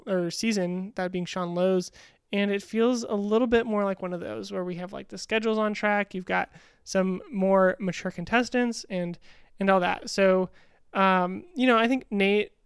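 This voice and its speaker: A woman's voice: medium pitch, clean tone, no room sound, studio quality. A woman co-hosting a podcast, recapping a reality dating show in casual, chatty talk with frequent ums. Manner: chatty, frequent "um" and "you know". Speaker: podcast co-host.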